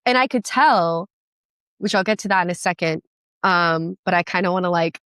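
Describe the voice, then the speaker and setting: Enthusiastic woman, low voice, dry sound. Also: a bit bright, clean tone, no echo. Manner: enthusiastic, talks in quick bursts with many restarts. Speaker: guest. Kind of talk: casual podcast chat.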